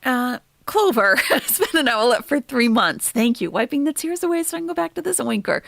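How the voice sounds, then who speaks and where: Gravelly woman reacting on a livestream. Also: sits high, animated, brisk, no echo. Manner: chatty, swings from soft sympathy to blunt profane ranting. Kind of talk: casual livestream commentary.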